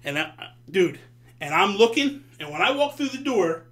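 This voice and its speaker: A man hosting a vlog, telling a story in a casual, animated and profane way. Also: high voice, moderate pace. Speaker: host.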